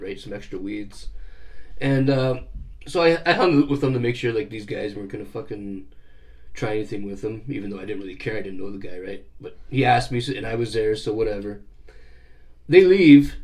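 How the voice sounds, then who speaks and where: A middle-aged man telling stories casually on a vlog, cursing freely and growing animated. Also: mid-range voice, a little fast. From Canada. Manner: profane, animated storyteller. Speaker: vlogger. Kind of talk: casual storytelling.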